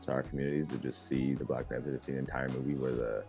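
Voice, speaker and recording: A male podcast guest with an extremely deep, mellow voice, talking quickly and from the heart. He restarts his sentences often, and faint music plays behind him. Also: level tone, creaky. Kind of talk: casual podcast conversation.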